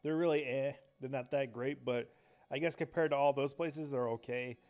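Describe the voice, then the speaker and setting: A man's voice: mid-range voice, normal speed. A man chatting casually while streaming a game, rambling and swearing, with faint game music behind him. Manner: rambling, profane, excitable. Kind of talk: casual chat while gaming.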